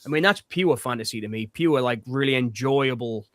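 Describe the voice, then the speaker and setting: A man's voice: medium pitch, moderate pace, dry recording. A man co-hosting a casual film chat, talking enthusiastically and rambling with frequent laughter. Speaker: co-host.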